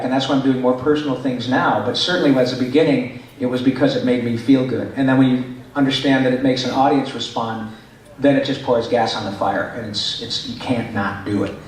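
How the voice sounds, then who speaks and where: A middle-aged man, a voice actor, chatting to fans at a convention panel with plenty of fillers. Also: mid-range voice. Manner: chatty, rambling, with many fillers. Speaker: voice actor answering fan questions. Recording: echoey hall, distant mic.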